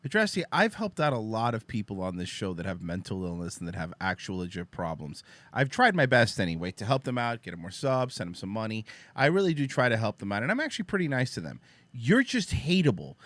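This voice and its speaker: A man's voice: lowish voice, sing-song, quick pace, fairly bright tone, no room sound. A man hosting a casual chat show, talking bluntly and profanely and lecturing. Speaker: host.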